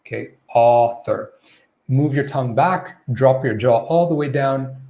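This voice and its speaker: A man's voice: mid-range voice, normal speed, warm tone, highs cut off. A man teaching pronunciation in a live online Q&A lesson, modeling vowel sounds and checking in often with "okay?" and "right?".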